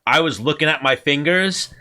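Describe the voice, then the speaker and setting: A man's voice: a little high, normal speed. A man on a podcast, telling stories in casual chat and repeating himself as he gets going. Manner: excitable, repeats himself while telling a story. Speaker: podcast guest.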